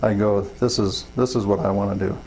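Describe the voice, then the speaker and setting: A man's voice: on the low side, fairly even intonation, a little fast, darkish tone, slight background noise, low-quality recording. A middle-aged man telling folksy, rambling stories in an interview, full of fillers and acted-out quotes. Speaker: interviewee, wildland fire chief. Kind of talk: casual storytelling interview.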